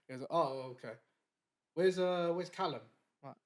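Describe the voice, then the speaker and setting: A man with a fairly high voice tells a story as a guest in a casual podcast chat. He is animated and laughs often. He acts out each quoted line of dialogue. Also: fairly quick.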